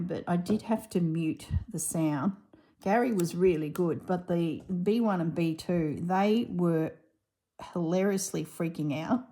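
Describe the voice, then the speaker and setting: Mellow-voiced woman, chatty. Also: lowish voice. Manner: chatty, laughing, rambling storytelling. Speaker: crafting vlogger. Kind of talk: casual chat while crafting.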